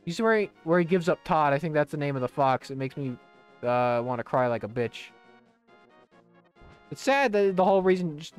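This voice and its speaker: A young man streaming a video game, rambling casually with lots of swearing, fillers and restarts. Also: fairly high pitch. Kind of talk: casual commentary while gaming. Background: faint game music.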